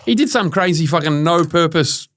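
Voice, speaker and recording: A man's voice: on the high side, lively intonation, normal speed, fairly bright tone, a little hiss or hum. A man co-hosting a podcast, bantering bluntly with lots of swearing and mocking jokes. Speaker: podcast co-host. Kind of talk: casual chat.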